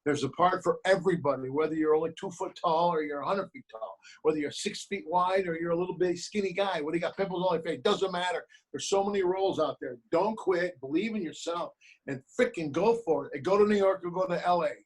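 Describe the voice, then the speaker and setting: Guy on a video call telling stories and doing little voices, kinda high pitched. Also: fast talker, breathy edge, rough recording. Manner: animated storyteller, acts out quoted voices. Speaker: actor and producer, guest. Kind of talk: remote interview, storytelling advice.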